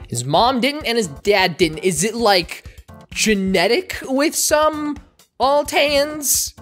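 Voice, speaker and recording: A woman giving animated, sarcastic commentary as a show reviewer. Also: mid-range voice, slow pace, soft background music. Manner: sarcastic, wry asides.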